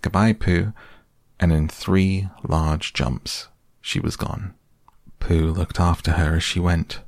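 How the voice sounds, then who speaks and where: A man reading a children's storybook aloud in an unhurried, gentle way. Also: low-pitched, little pitch movement, no echo, clean studio sound. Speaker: narrator.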